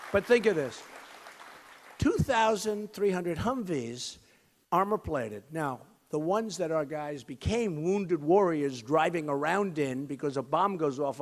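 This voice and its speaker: Emphatic man at a rally, big hall reverb. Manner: repetitive, emphatic, swings from loud outbursts to low asides. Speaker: presidential candidate. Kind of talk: campaign rally speech. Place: high school gym with a crowd.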